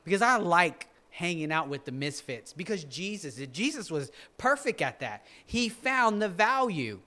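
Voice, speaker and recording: A man preaching a conversational sermon, his voice a touch high and very bright. He jokes freely and often restarts his sentences mid-thought. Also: very animated, a little slow. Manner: joking, with frequent restarts. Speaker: pastor.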